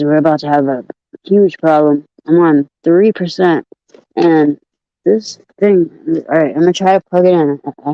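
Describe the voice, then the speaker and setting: A woman's voice: lowish voice, no echo, highs cut off. A woman chatting casually on a live stream at home, swearing freely and laughing a lot between lines. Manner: profane, laughing a lot, yelling across the room. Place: home room with open window.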